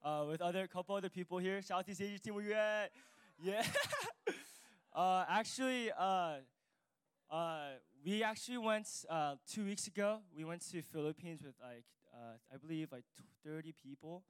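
A man's voice: sits high, moderate pace, smooth, no room sound. Rambling jet-lagged young man. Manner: casual, rambling, emotional. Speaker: church member reporting on mission trip. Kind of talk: spoken testimony.

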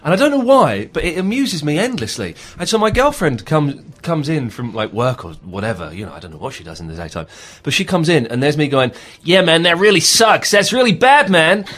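A man's voice: medium pitch, fairly quick, hardly any pauses, husky. A man with an English accent, chatting and joking about video games on a podcast, laughing often. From England. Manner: animated, jokey, laughs often while talking. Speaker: podcast co-host. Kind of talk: casual gaming podcast chat.

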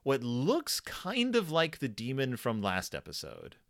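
Lively man chatting about horror films. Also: medium pitch, a little slow, dry recording, clean studio sound. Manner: rambling, laughing, many restarts and fillers. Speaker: podcast co-host. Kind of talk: casual chat reviewing a horror episode.

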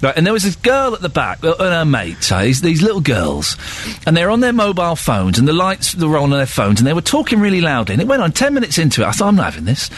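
A man's voice: fairly high pitch, wildly swooping pitch, fast, few pauses, fairly bright tone, slight background noise. A man hosting a radio phone-in show, chatting and telling jokey stories with a wry tone. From England. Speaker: radio presenter. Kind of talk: casual radio chat. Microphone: studio microphone.

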